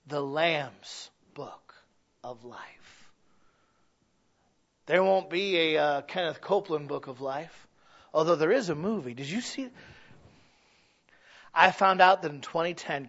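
Bright-voiced preacher man, loud and soft. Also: on the high side, moderate pace, long pauses, highs cut off. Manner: swings from hushed to shouting, conversational with stumbles. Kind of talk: sermon.

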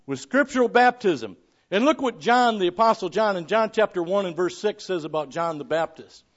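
A man preaching a sermon, reading scripture aloud and swinging between loud declarations and hushed asides. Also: sits high, animated, normal speed, dull audio. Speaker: pastor.

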